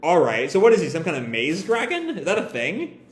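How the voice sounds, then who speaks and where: A man's voice: fairly high pitch, huge pitch swings, brisk. A man reacting live to a manga chapter, thinking aloud with hesitant restarts. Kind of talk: live reading and reaction commentary. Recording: echoey room.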